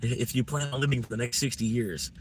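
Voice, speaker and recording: A man's voice: medium pitch, fairly even intonation, fast talker, a little hiss or hum. A man chatting casually on a live stream, rambling in a laid-back way.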